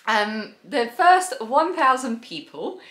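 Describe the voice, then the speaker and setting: A woman's voice: a little high, very animated, slow, a bit bright, reverberant. A woman with a South East London accent hosting a crafting podcast, chatting in an enthusiastic, rambling way. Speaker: podcast host. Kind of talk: casual chat.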